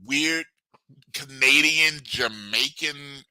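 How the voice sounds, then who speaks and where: A man's voice: fairly high pitch, drawn-out words, pushed and bright, clean tone, no room sound. A man hosting a casual online show, teasing his co-host with playful jokes. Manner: joking, playful banter. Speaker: podcast host. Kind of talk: casual chat.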